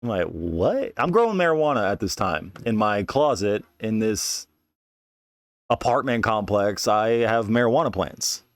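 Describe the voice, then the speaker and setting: A man's voice: lowish voice, lively intonation, moderate pace, dry recording, clean studio sound. A young man, telling a wild personal story as a podcast host in a rambling, profane way with many restarts. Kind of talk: casual storytelling monologue.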